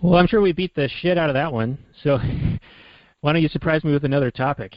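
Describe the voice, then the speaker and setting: A man co-hosting a casual chat who thinks aloud in a relaxed way, with fillers. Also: on the high side, brisk, dry recording. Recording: dry, dull lo-fi recording.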